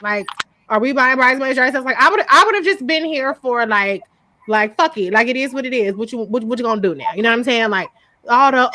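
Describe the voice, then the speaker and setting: A woman's voice: a little high, animated, fairly quick, pushed and bright, no room sound. A woman hosting a live show recap, talking in a blunt, profane, casual way and laughing often. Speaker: host.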